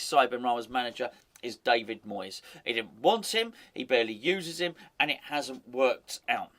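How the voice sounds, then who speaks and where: Man, football fan host, opinionated, wry asides, slightly higher voice. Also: fairly bright tone. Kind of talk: casual fan commentary.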